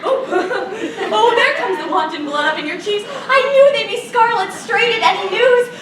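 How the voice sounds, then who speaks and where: A woman's voice: very high-pitched, normal speed, shouting, very noisy. The Nurse, a woman playing a fussy old nurse. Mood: bossy teasing. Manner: groaning, teasing, laughing through lines. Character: fussy old female nurse, teasing and complaining. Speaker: stage actor. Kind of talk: live student stage performance. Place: theater stage. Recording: echoey hall from far off.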